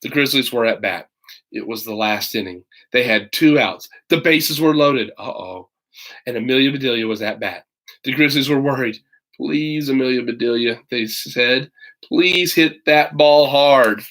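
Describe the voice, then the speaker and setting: A man reading a children's picture book aloud with lively voices, now and then stopping to add casual comments of his own. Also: mid-range voice, normal speed. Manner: animated reader, breaks in with chatty comments. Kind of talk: storybook read-aloud with asides.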